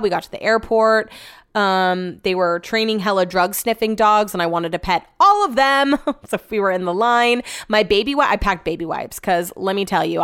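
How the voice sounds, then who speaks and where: Chatty young woman, smooth voice. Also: mid-range voice. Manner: chatty, profane, animated. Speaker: vlogger. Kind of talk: casual storytelling.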